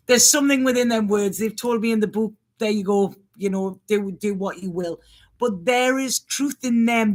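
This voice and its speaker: Woman, spiritual reader, halting, rambling, improvised reading. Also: medium pitch. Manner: halting, rambling, restarts phrases. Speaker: astrology and intuitive reader.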